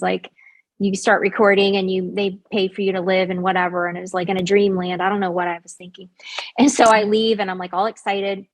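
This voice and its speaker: A woman tells her own story as a guest, in a casual, lively way. She leans on "like" as a filler and acts out what she and others said. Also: medium pitch. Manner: animated, acts out quoted voices; frequent fillers like "like". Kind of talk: personal storytelling.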